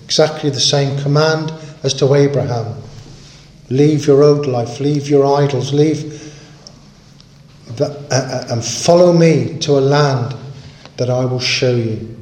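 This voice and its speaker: A man's voice: mid-range voice, a little slow, darkish tone, reverberant. A man preaching a sermon in an earnest, emphatic way, stressing and repeating his key points.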